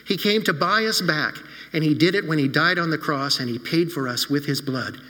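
A man telling a children's sermon story like a lively storyteller, often turning to ask his listeners questions. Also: fairly high pitch, moderate pace, in a large hall. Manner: animated storyteller who asks his audience questions.

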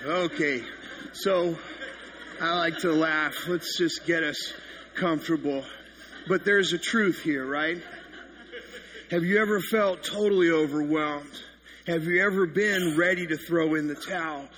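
A man's voice: on the high side, fairly even intonation, measured pace, fairly bright tone, a little hiss or hum. A man in his thirties, a pastor giving a sermon that opens with funny, self-mocking stories. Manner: self-deprecating storytelling with comic exaggeration.

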